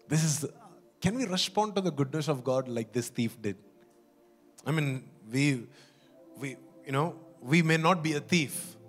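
Earnest preacher, higher-voiced man. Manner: earnest, emphatic, repeats words, asks the congregation questions. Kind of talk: sermon.

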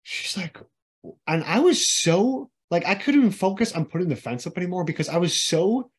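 A man's voice: sits high, moderate pace, husky. A man co-hosting a podcast, telling a story in casual chat, cursing freely and acting out the people he quotes. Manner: animated storytelling, lots of swearing, acts out quoted people. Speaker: podcast co-host.

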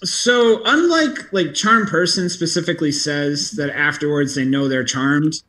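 A man's voice: on the high side, a little slow, bright, forceful tone, low-quality recording. A man playing in a tabletop role-playing game, reading spell rules aloud with hesitant fillers. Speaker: player.

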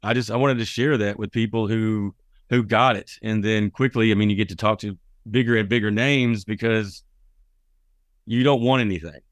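A man with a Southern US accent, an interview guest telling stories in a casual, animated way and mimicking other people. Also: lowish voice, normal speed, dry recording, clean studio sound. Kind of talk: casual storytelling conversation.

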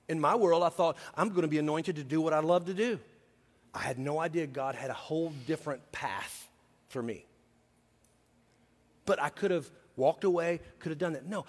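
High-voiced preacher in a reverberant hall. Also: male voice. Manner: humorous, confiding storyteller turning to earnest exhortation. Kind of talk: sermon with personal storytelling.

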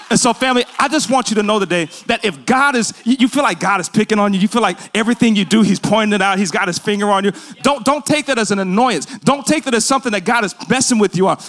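A man's voice: high-pitched, animated, fast, a bit bright. A young adult man preaching a sermon, earnest and building to emphatic delivery.

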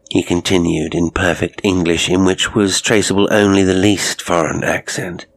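A man narrating a horror story in a measured, dramatic reading. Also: low voice, little pitch movement, dry recording.

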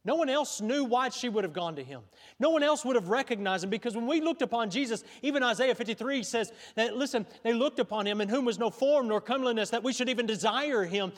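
A man's voice: very high-pitched, animated, fast. A middle-aged man preaching a sermon as pastor, talking conversationally with frequent restarts and questions to the congregation. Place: church sanctuary. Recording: long church hall reverb.

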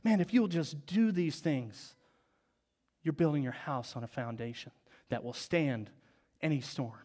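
A man in his forties preaching a sermon, telling stories and dropping to soft, low tones for emphasis. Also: unhurried. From Oklahoma, US. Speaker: pastor.

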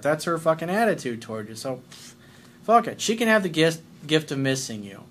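A man's voice: a little high, sing-song, a little fast, fairly bright tone, slight background noise. A man coaching listeners on dating in a blunt, emphatic, profane way. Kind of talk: advice monologue reading listener letters.

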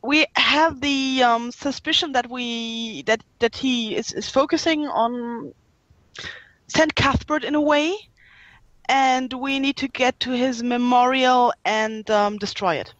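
A woman playing a character in a tabletop game, halting and full of fillers. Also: a little high, a bit bright, no echo. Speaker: player. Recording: dull lo-fi mic.

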